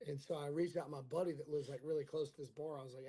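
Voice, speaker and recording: A man's voice: fairly high pitch, steady tone, racing, few pauses, dark tone. A male comedian telling a rambling, crude, self-mocking story in casual chat, acting out the dialogue. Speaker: comedian guest.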